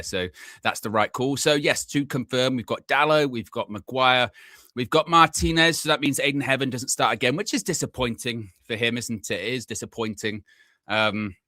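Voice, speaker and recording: A man hosting a live football watchalong, chatty and excitable, laughing often as he runs through team news. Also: on the low side, no echo. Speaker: fan channel host.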